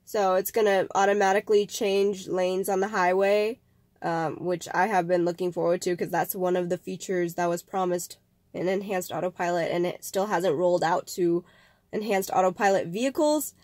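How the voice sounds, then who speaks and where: Talking to camera for her casual vlog, this young host rambles chattily, restarting sentences and dropping fillers. She's getting over a cold, so she sounds a little nasal. Her fairly low, somewhat mellow voice moves at a moderate pace with fairly even intonation, and there's no room sound.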